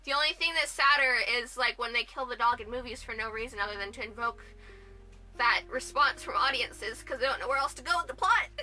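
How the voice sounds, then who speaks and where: Bright, high-voiced young woman vlogger. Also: a little fast. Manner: rambling, lots of "like" and restarts. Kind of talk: casual vlog commentary.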